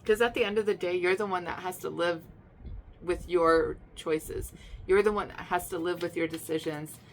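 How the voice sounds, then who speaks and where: Speaking at normal speed in a lowish voice, over a little hiss or hum, a woman delivers a casual spoken tarot reading. She's emphatic and repetitive, full of fillers and restarts, and now and then erupts into loud excitement.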